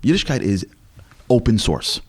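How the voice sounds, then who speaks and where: A man in his forties, a lecturer speaking as a guest in an interview, telling stories in an animated way with frequent restarts. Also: fairly low pitch, husky. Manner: animated, fast, with many restarts. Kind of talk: conversational storytelling interview.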